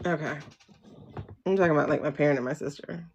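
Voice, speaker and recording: A woman with a low, darkish voice talks fast over slight background noise, her highs cut off. She hosts a casual tarot livestream, posing questions aloud and answering them herself. Her manner is slangy and familiar, and she calls viewers child, girl, and boo.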